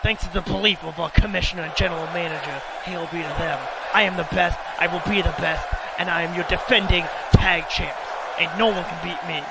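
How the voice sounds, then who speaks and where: A man's voice: sits high, steady tone, brisk, vocal fry, hardly any pauses, over a noisy crowd. A man voicing an arrogant, boastful male wrestler who is an evil clone, over a noisy recording. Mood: gloating. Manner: boastful, gloating.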